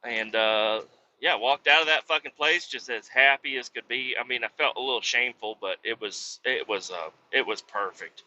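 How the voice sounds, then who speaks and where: Driving his truck, a man from Kansas City spins rambling, self-deprecating, profane stories. The medium-pitched voice comes at a moderate pace, pushed and bright, though the recording is muffled with slight background noise.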